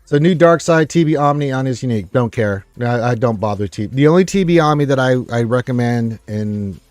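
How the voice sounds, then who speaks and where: A man's voice: medium pitch, lively intonation, a little fast, a little mellow, dry recording. Male game stream host, casual chat, rambling and upbeat, dry close sound, faint music behind. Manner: rambling, upbeat, many fillers. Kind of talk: casual live-stream chat reading viewer comments.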